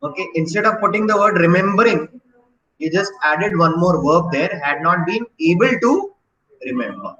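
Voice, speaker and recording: A man's voice: high-pitched, brisk, pushed and bright, reverberant, lo-fi sound. A man teaching an online grammar lesson, often asking questions and checking in with "right?". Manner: questioning, encouraging, repeats "right?".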